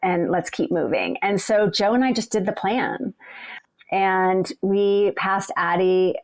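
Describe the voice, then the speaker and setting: Woman runner telling a race story, chatty, lots of like and you know, fry in her voice. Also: medium pitch, slow pace. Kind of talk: casual spoken storytelling.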